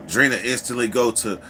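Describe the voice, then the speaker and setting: A man's voice: medium pitch, a little hiss or hum. A man casually telling a story, swearing freely and acting out the people in it. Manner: profane, animated, acts out quoted people.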